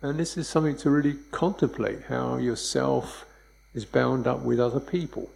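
A man giving a dharma talk as a meditation teacher, speaking in a relaxed, conversational way and chuckling often. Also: medium pitch, normal speed, gravelly, poor audio.

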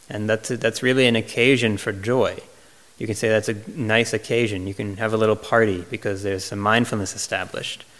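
A man who is a Buddhist monk, answering retreat questions in a gentle, reflective way, with frequent pauses and restarts. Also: on the low side. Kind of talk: retreat Q&A talk.

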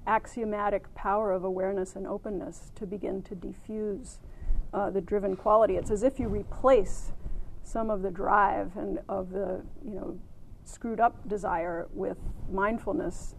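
Gentle woman giving a meditation talk. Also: mid-range voice, fairly even intonation, creaky, slight background noise, poor audio. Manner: gentle, unhurried, many ums, laughs at her own stories. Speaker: meditation teacher. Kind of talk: dharma talk. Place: meditation retreat center.

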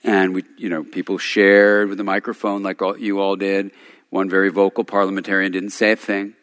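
Low-voiced man teaching in a reverberant hall. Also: completely flat delivery, a little fast, fairly bright tone. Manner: informal, storytelling, chuckling asides. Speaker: retreat teacher. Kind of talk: talk at a day retreat. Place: meditation center hall.

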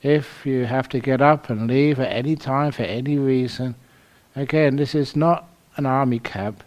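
A man's voice: mid-range voice, moderate pace, darkish tone. A Buddhist monk from London giving a humorous dharma talk at a meditation retreat, telling stories and laughing at his own jokes. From London, England.

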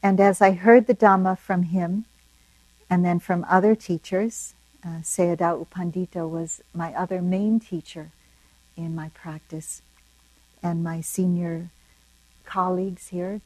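An older woman and meditation teacher, telling a personal story in a dharma talk in a soft-spoken, reflective, unhurried way. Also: on the low side, level tone, dry recording, poor audio.

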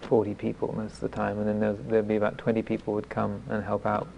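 Brief: male monk teacher, mellow and gravelly, telling a wry story on himself, faint hiss behind. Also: fairly low pitch, completely flat delivery, lo-fi sound. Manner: self-deprecating storytelling; halting, with frequent restarts. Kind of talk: dharma talk.

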